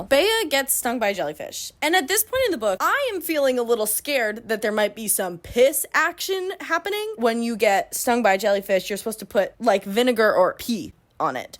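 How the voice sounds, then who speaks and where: A young woman recapping a novel in a casual, chatty way, sarcastic and full of tangents and "like" fillers. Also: fairly high pitch. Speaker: book review vlogger.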